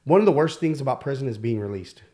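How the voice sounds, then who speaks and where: A man telling his own life story as a podcast guest, candid and halting, with many fillers and restarts. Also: medium pitch, animated, dark tone. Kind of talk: personal storytelling.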